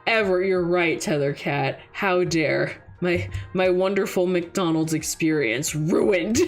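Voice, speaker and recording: A young woman streaming casual chat, an animated storyteller who laughs often. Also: fairly low pitch.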